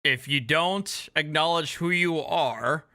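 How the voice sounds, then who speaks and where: Male commentary host, sarcastic and explanatory, bright voice, dry close mic. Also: a little high, slow pace, dry recording. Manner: sarcastic asides, explaining patiently. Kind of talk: casual reaction commentary.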